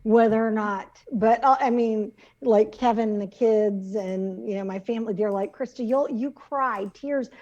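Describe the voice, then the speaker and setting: A woman's voice: a little high, steady tone, normal speed, hardly any pauses, a little mellow. Chatty middle-aged woman co-host, lo-fi. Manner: chatty, laughs often, restarts a lot. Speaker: podcast co-host. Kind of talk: casual chat.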